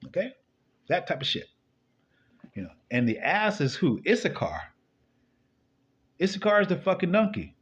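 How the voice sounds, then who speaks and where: A man giving loose, profane commentary while reading scripture, rambling, muttering low and then bursting up high. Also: sing-song, moderate pace, long pauses, fairly bright tone, breathy edge. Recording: dull lo-fi recording.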